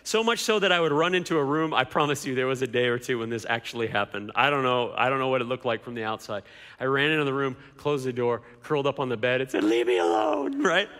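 A man's voice: medium pitch, fast talker, sharp tone. A man preaching a sermon as pastor, emphatic, with repeated rhetorical questions. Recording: long hall reverb.

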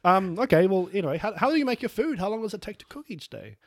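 A man's voice: high voice, sing-song, quick pace, no echo, clean studio sound. A man, co-hosting a podcast and playing a polite, chatty visitor in an improvised comedy sketch. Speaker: podcast co-host.

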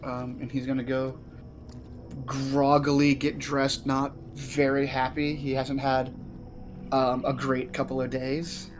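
A man's voice: medium pitch, monotone, slow, background noise. A man playing a tabletop game, describing his character in a loose, rambling way with many fillers. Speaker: player. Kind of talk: casual play.

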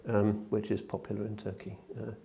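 A man telling a spiritual story in a relaxed talk, hesitant with frequent fillers and dropping in foreign phrases. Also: fairly low pitch, brisk, vocal fry. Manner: drops in phrases of another language.

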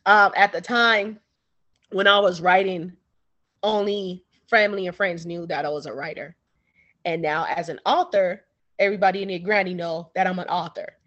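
A woman author talks casually through an interview. She tells her story in an animated way and slips into the voices of the people she describes. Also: lowish voice, normal speed, lo-fi sound.

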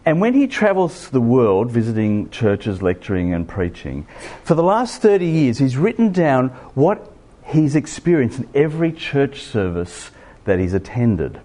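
Middle-aged Australian male preacher, conversational sermon, lively up-and-down pitch, poses rhetorical questions. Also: measured pace.

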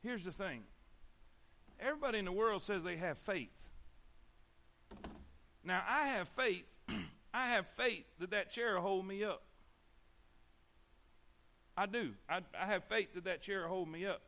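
A man delivers a sermon on sharing the gospel in a high, pushed, bright voice, unhurried and pausing often. His style is emphatic, with repeated words and prompts for the congregation to reply.

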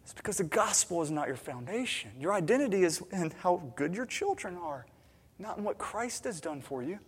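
Man, pastor, sermon, high voice, emphatic, loud then hushed, long hall reverb. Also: big pitch swings, normal speed, breathy edge. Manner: emphatic, swings between loud urgency and quiet intimacy.

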